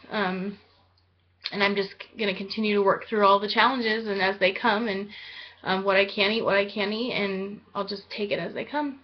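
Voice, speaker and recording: A woman's voice: mid-range voice, fairly even intonation, normal speed, muffled recording. A woman in her thirties giving a casual, earnest vlog update, talking with lots of ums and likes and getting a little teary. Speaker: vlogger. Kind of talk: casual weight-loss surgery update vlog.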